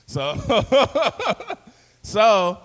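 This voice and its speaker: A man's voice: sits high, wildly swooping pitch, very slow, a bit bright. Rambling young man doing stand-up in an echoey room. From South Side of Chicago. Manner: loose, rambling delivery with frequent fillers and laughing at own jokes. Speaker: stand-up comic. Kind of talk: stand-up comedy set. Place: open-mic stage in an arts space.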